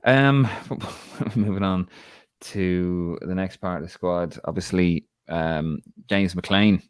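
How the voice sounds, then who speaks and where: Deep-voiced Irish host. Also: male voice, slow, clean tone, dry recording, studio quality. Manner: hosting, addresses viewers directly. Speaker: podcast host. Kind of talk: live stream football chat.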